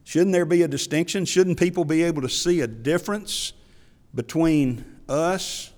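A man's voice: a little high, unhurried, darkish tone. A male pastor preaching a sermon in a folksy, conversational way, telling Bible stories and reading scripture aloud. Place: church. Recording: reverberant church hall.

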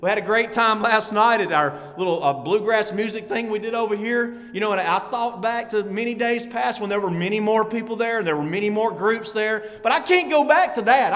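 A man's voice: high voice, sharp tone, in a large hall. A man from Alabama, preaching a folksy sermon that rises to fervent exhortation. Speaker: pastor.

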